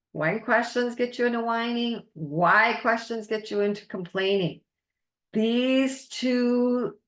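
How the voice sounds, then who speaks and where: A woman's voice: a little high, echoey room. A woman life coach leading a masterclass, earnest and encouraging as she guides the listener through exercises.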